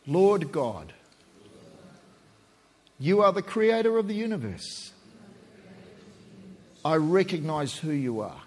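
A man preaching as a pastor, rising to shouts and slowing into hushed prayer. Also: a little high, big pitch swings. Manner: impassioned, shouting at peaks then slow and hushed in prayer. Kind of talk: sermon and prayer.

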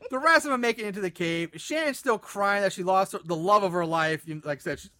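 Man, casual movie recap, animated and sarcastic, very dry close sound. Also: sits high, fast, dry recording. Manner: animated, sarcastic, swears freely. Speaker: podcast host recapping a movie.

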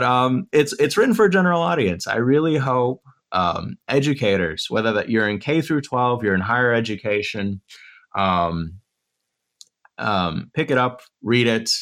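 This man, interviewed in the Durham area as an author and educator, talks at a medium pitch with a slightly bright tone. The conversation is interview-style, and he presents his points in sequence, earnestly and thoughtfully.

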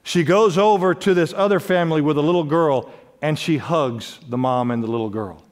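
Male pastor, high voice, emphatic sermon delivery, long church reverb. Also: normal speed. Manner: emphatic preaching with wide swings in pitch and volume. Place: large church sanctuary.

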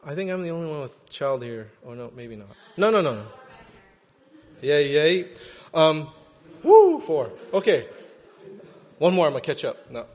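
Lively, chatty man preaching in echoing hall. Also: fairly high pitch. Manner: animated and conversational, often asking "right?". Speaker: pastor. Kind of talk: sermon.

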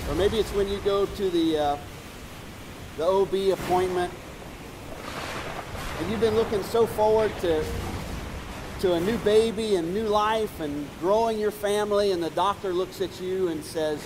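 Dynamic, fairly high-voiced preaching man. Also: moderate pace, big-room sound, noisy background. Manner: dynamic, swings from urgent to hushed. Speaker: pastor. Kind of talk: sermon.

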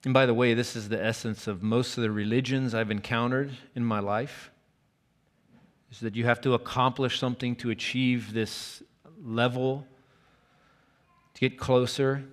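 A man preaching a sermon, telling a personal story with earnest warmth and dropping to a near whisper for quoted lines. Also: mid-range voice, steady tone, moderate pace. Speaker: pastor. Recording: long hall reverb.

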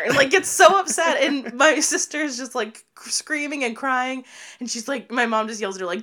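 A young woman spins a funny family tale in casual conversation. Her delivery is animated, often breaking into laughter, and she slips into quick impressions of the relatives she quotes. Her pace jumps around between rushed asides and slow, stretched punchlines. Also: fairly high pitch. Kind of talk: casual storytelling chat.

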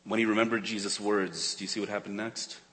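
A lower-voiced man preaches to his congregation, earnest and searching. He builds to urgent emphasis, then drops almost to a hush. His voice rings with the long reverb of a large church hall. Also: flat delivery, fast. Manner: earnest, rises and falls between urgent and hushed. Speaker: pastor. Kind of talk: sermon. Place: church sanctuary.

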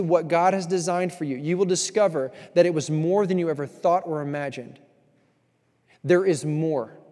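A male pastor preaching a sermon, swinging from loud emphasis to hushed, confessional moments and repeating phrases for weight. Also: a little high, long reverb tail.

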